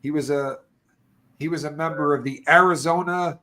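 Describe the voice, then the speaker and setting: A man's voice: a little high, steady tone, moderate pace, sharp tone. A middle-aged man telling stories in loose, casual chat, swearing and calling people dude and bro.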